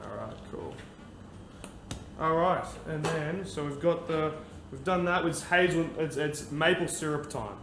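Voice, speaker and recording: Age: young adult. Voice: upbeat male podcast host, somewhat high, echoey room, noisy background. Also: unhurried. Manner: upbeat, chatty, talks viewers through steps. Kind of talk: casual chat while making a cocktail.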